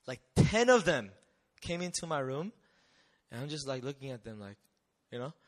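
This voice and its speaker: At a normal speed and in a mid-range voice, a young missionary relates his personal testimony to an audience. He stays animated and conversational, often posing rhetorical questions.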